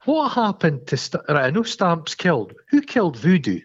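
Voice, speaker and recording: Animated man, dull lo-fi sound. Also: fairly high pitch, normal speed, breathy edge. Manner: animated retelling, swearing. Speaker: podcast co-host. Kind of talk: casual film review chat.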